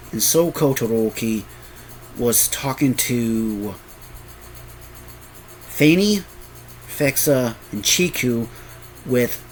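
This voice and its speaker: A sleepy man tells his own fan story late at night, wandering and correcting names as he goes. His voice sits in a middle pitch and moves at an unhurried, plodding pace. Faint music plays behind him throughout. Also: rough recording. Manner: rambling, often correcting names and restarting. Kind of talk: improvised fan story reading.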